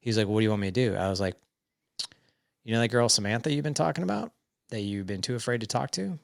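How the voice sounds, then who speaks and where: A man's voice: on the low side, quick pace, gravelly, dry recording, studio quality. A man in his forties, a podcast guest, telling casual stories and acting out family conversations as he goes. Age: 40s. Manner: animated, quotes family dialogue in stories. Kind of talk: casual storytelling chat.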